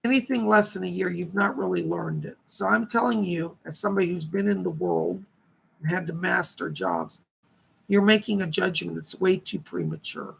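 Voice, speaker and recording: A man's voice: high-pitched, gravelly, fairly bright tone, husky. A man hosting a live stream, giving psychic readings in a chatty, reassuring way and passing on messages from spirits. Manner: chatty, relays spirit messages and reads viewer questions aloud. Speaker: psychic medium host.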